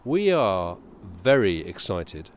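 A man's voice: deep voice, sing-song, slow pace, slight background noise. A man co-hosting a podcast outdoors in a small park, chatting casually with a dry, skeptical humor. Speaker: podcast co-host. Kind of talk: casual chat and reading aloud on a walk.

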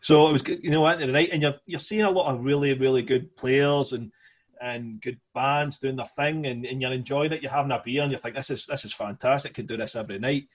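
A man's voice: mid-range voice, fairly even intonation, quick pace. A man with a Scottish accent co-hosting a podcast in casual chat, rambling with lots of "you know" fillers. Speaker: podcast co-host.

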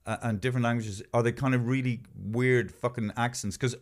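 A man's voice: medium pitch, steady tone, brisk. A man co-hosting a podcast from Ireland, rambling in casual chat, mimicking accents and swearing now and then. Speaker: podcast co-host.

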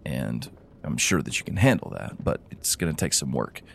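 A man's voice: extremely low pitch, animated, moderate pace, creaky, slight background noise, pitched below the performer's own voice, heavily acted. A man playing a stammering old gnome librarian. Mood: eager. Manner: stammering, flustered. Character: older male gnome librarian, nervous and eager.

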